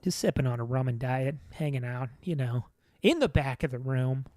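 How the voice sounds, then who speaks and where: A man's voice: medium pitch, normal speed, mellow, dry recording, studio quality. A man hosting a casual solo podcast, rambling in an offhand, self-deprecating way from the back room of a comedy venue. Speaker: podcast host.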